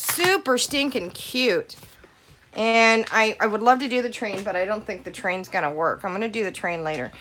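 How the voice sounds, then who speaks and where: A woman with a bright, forceful, fairly high voice, chatting while she stamps holiday cards. She rants with lots of energy and swears freely, and a faint background hiss sits under her voice. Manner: ranting, animated, swears freely. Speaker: paper crafting vlogger.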